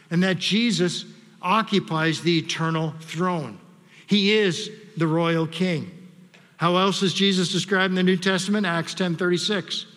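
A man preaching a sermon to a congregation as pastor, reading scripture aloud in a measured way and calling on the people to say words back. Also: on the high side, fairly bright tone. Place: church sanctuary. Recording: long hall reverb.

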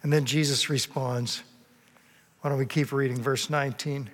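A man's voice: mid-range voice, level tone, moderate pace. A man preaching a sermon, telling a story earnestly and sometimes acting out the people in it. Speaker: pastor. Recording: long hall reverb.

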